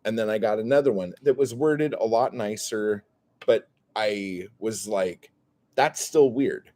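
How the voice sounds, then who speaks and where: Rambling man with a low voice. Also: fairly even intonation, measured pace, warm tone. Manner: rambling, heavy on "like" fillers, profane. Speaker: YouTuber streaming to a live chat. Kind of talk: casual ranting monologue.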